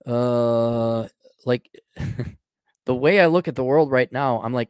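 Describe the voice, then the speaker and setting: A middle-aged man hosts his own podcast with a voice of ordinary pitch. He reads articles out loud and cuts in with sardonic, mocking quips. The recording is dry and close, with no room echo. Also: slow pace, long pauses, clean tone. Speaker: podcast host. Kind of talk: sarcastic commentary on read-out articles.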